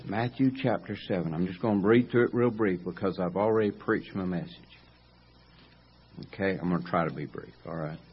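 A man preaching a sermon in a folksy, animated way, repeating phrases for emphasis. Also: deep voice, a little fast, lo-fi sound, a little hiss or hum.

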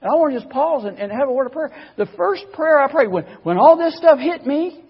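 A man's voice: very high-pitched, animated, fairly quick, big-room sound, lo-fi sound. A man preaching in a church, telling his own story in a folksy, conversational way with stammered restarts. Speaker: guest preacher. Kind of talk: sermon with personal testimony.

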